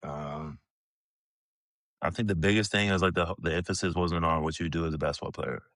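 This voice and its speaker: Very deep-voiced laid-back man swearing freely. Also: fairly even intonation, brisk, fairly bright tone, no room sound, clean studio sound. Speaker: podcast guest, retired pro basketball player. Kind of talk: casual storytelling interview.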